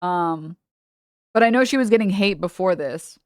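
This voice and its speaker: A woman's voice: on the low side, animated, moderate pace, no echo, studio quality. A woman streamer chatting casually, rambling with lots of fillers and trailing off mid-thought. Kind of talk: casual live-stream chat.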